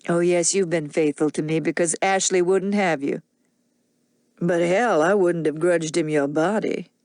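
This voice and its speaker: A drunken husband with a slow, sneering drawl, as a woman reader puts him on. His voice sits low and unhurried, full of mockery. The audiobook recording is dry and close. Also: a little mellow, no room sound. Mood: mocking. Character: drunken mocking Southern gentleman, menacing husband.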